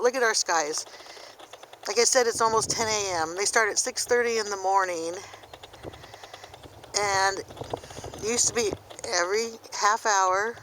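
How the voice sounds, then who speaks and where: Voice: mid-range voice, bright, forceful tone, a little hiss or hum, low-quality recording. A speaker in their fifties, talking outdoors into a handheld camera in an earnest, preachy, rambling monologue. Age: 50s. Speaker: activist vlogger. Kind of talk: impassioned rambling monologue while filming. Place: outdoors by a river.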